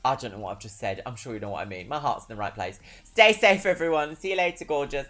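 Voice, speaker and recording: A woman's voice: very deep voice, lively intonation, fast talker, hardly any pauses, fairly bright tone, faint music behind. A British woman streaming, chatting casually with a giggly, rambling, self-mocking manner. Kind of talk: casual chat.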